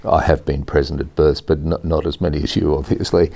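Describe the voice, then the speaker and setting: Very deep, gravelly man. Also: little pitch movement, fast talker, dark tone. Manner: encouraging, frequent murmured agreement. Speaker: radio program host. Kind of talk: radio interview.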